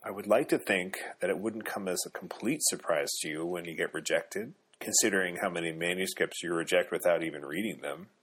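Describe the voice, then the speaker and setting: An earnest young woman, soft and pleading, as a man reading the audiobook puts her on. Her voice is husky and deep, only lifted a little above a man's register. She stays hurt but outspoken. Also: fairly quick, hardly any pauses. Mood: defensive.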